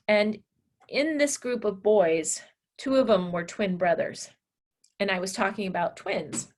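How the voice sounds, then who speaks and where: A woman teacher telling a class story in an animated, blunt and candid way. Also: mid-range voice, unhurried. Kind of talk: storytelling lecture.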